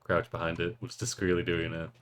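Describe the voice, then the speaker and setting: A man's voice: low voice, completely flat delivery, quick pace. A man playing in a tabletop game, casually describing his moves. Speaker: player.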